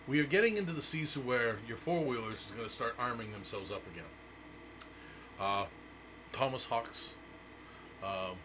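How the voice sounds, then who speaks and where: Animated, cussing talk radio host man. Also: fairly low pitch. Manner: joking, blunt, swears freely. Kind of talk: casual talk radio chat. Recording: noisy live radio stream.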